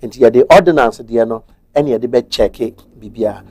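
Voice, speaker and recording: A man's voice: medium pitch, moderate pace, darkish tone, no echo. Ghanaian male guest, methodical legal explainer, mid-range voice, dry studio sound. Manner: methodical, switches between Twi and English. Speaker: guest explaining marriage law. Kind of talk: explanatory TV talk-show discussion.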